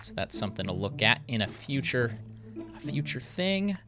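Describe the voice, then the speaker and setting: Chatty man with a lively voice. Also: mid-range voice, normal speed, music in the background. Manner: chatty, self-mocking, thinks aloud. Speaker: game video host. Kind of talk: casual gameplay commentary.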